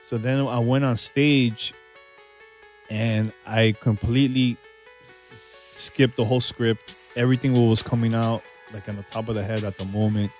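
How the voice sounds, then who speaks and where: A man, a podcast host, telling his story in a casual, relaxed way and often tossing in "man" and "you know.". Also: mid-range voice, moderate pace, soft background music. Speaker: podcast host being interviewed.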